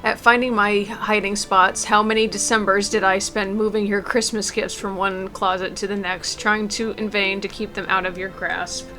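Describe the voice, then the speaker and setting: A woman's voice: medium pitch, little pitch movement, normal speed, few pauses, over music, close to an everyday voice. A woman reading as an elderly mother saying farewell. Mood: tender. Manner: gentle, tender, reading aloud with small stumbles. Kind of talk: reading a game letter aloud.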